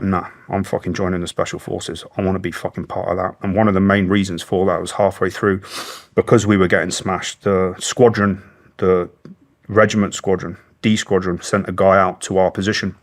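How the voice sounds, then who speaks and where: A middle-aged British man, a former soldier, telling war stories bluntly and emotionally in an interview, swearing heavily. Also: low-pitched. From Britain. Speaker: guest, former special forces soldier. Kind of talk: candid interview storytelling.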